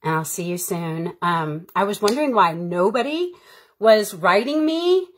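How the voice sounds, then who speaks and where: A woman's voice: medium pitch, animated, unhurried, a little hiss or hum. A woman who is an actor, chatting casually on her live stream in a rambling, heartfelt way. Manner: rambling, heartfelt and chatty, with frequent fillers and bursts of laughter.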